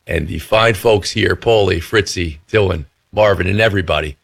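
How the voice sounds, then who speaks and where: A man hosting a sports radio show, with a slightly hoarse, cracking voice, talking in an excited, emotional and heartfelt way. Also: low-pitched, normal speed. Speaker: radio host.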